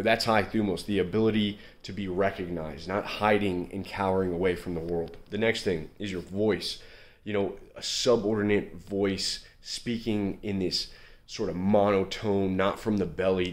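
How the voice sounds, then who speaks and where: A young man giving casual motivational advice about confidence, earnest and full of fillers and restarts. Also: fairly low pitch. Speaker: men's self-improvement coach. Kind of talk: casual motivational talk to camera.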